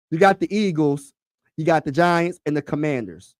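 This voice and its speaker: Excitable man chatting sports on a livestream. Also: a little high, normal speed, no room sound, studio quality. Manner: excitable, repeats himself, addresses the chat; slangy casual speech. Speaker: sports talk livestream host. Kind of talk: casual livestream chat.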